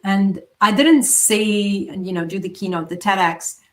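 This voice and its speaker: A woman hosting a solo motivational podcast, speaking in an earnest coaching tone with emphatic pauses. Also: mid-range voice, fairly even intonation, a bit bright. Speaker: podcast host.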